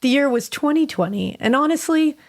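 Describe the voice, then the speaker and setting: A woman co-hosts a podcast, chatting casually and reading a listener's story aloud, laughing often and swearing casually. Her voice is high-pitched and animated, and she talks fairly quickly.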